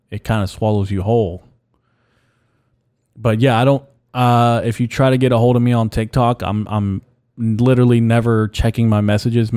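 A man's voice: lowish voice, dark tone, dry recording, clean studio sound. A young man hosting a solo podcast, ranting bluntly with heavy swearing and frequent repeats. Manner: blunt, profane, repeats himself. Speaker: podcast host. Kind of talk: casual solo podcast rant.

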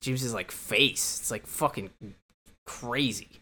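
A man co-hosting a podcast, casually recapping a movie and reacting with lively, animated retellings. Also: mid-range voice, slow. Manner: animated, reacts with exaggerated voices of characters. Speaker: podcast co-host.

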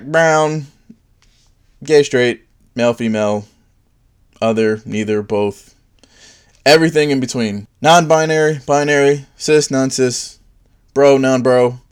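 A man delivering a sarcastic comedic monologue, dipping into mocking voices for his jokes. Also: smooth. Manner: sarcastic, swings into high mocking put-on voices for bits. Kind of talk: stand-up style comedic monologue.

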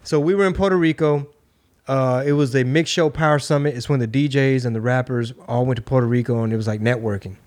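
Casual podcast host, middle-aged man, profane, storytelling, mid-pitched voice, springs up high when quoting people. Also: fast talker. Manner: laid-back, swearing storyteller; acts out quotes with lively pitch jumps. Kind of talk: casual chat.

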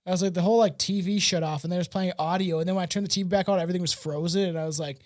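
A man's voice: high-pitched, steady tone, racing, no echo, studio quality. A man hosting a podcast, rambling casually with frequent laughs and swearing. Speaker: podcast host.

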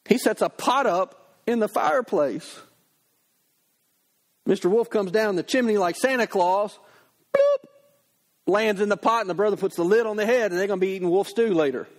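High-voiced man preaching conversationally. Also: a little fast. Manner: lively, conversational storytelling. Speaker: pastor. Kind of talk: sermon.

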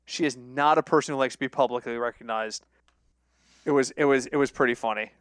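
A young man co-hosting a casual sports betting podcast, telling stories with lively acted-out quotes and frequent laughter. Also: medium pitch, fairly quick, dry recording, clean studio sound. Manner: animated storyteller, acts out quoted voices, laughs often. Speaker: podcast co-host.

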